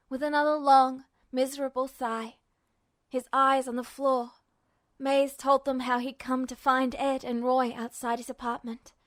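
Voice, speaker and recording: High-voiced woman narrating a story. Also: dry recording, clean studio sound. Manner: measured, steady reading. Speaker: podfic reader. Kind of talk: scripted narration of fan fiction.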